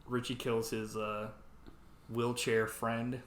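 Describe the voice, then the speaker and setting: A man's voice: mid-range voice, level tone, slow, roomy sound, slight background noise. A man co-hosting a podcast, chatting casually about a movie, swearing a lot and acting out lines with laughs. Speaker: podcast co-host. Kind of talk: casual movie review chat.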